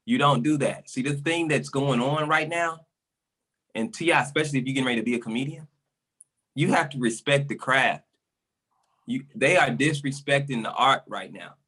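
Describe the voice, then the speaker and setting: A man talks in a casual podcast chat, getting worked up and repeating his points for emphasis. His voice is bright and slightly husky, and he sounds a little out of breath. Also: medium pitch, moderate pace. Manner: passionate, repetitive, emphatic. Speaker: resident comic on podcast.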